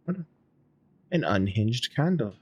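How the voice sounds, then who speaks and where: A man hosting a gaming channel, giving casual gameplay commentary in a low-key, hesitant, apologetic way. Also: big pitch swings, measured pace, a little mellow, highs cut off.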